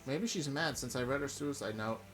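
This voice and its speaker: A man voicing a quiet, secretive young female student from a game. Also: medium pitch, a little fast, faint music behind, natural voice. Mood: subdued.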